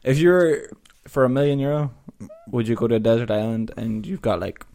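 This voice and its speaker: A man's voice: medium pitch, fairly quick, dark tone. A young man, co-hosting a casual podcast and telling a long joke in a playful, teasing way. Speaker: podcast co-host. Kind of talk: casual chat, telling jokes.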